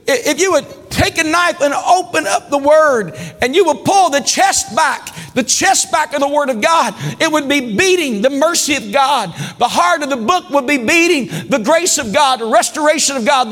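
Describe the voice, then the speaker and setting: A man preaching a sermon as pastor, calling for amens and building to shouts. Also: very high-pitched. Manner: preaching with call-and-response, rising to shouts. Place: large church hall. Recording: long church hall reverb.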